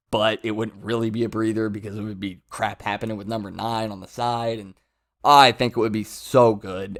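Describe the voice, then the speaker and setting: A man giving casual commentary as a manga reviewer, rambling with self-interruptions and amused asides. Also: on the low side.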